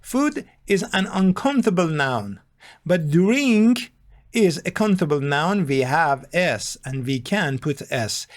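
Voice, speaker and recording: A teacher explaining grammar point by point in a deliberate, spelled-out way. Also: mid-range voice, animated. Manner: slow, deliberate, spells out letters and abbreviations. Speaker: English teacher. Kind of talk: grammar lesson explaining a text.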